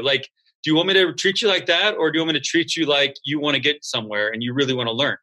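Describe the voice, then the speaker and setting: Bright-voiced man acting out coaches. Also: on the high side. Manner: animated, acts out students and coaches in quick voices. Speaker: school founder. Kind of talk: casual interview talk.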